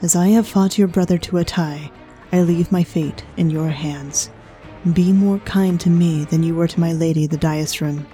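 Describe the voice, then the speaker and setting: A woman's voice: fairly low pitch, steady tone, normal speed, dark tone, faint music behind, natural voice, low-quality recording. A woman voicing a scornful female soldier and duelist who jeers at her rival. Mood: formal.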